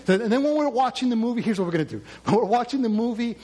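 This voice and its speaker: Speaking very fast in a very high-pitched, expressive yet mellow voice, a man preaches a sermon. He tells his congregation a long joke story, acting out each character as he goes and putting questions to the listeners.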